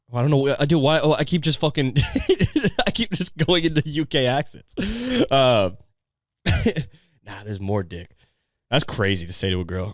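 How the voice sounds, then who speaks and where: A man's voice: mid-range voice, animated, moderate pace, no room sound, clean studio sound. A man hosting a comedy podcast, ranting in a crude, sarcastic, rambling way. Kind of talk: crude casual rant.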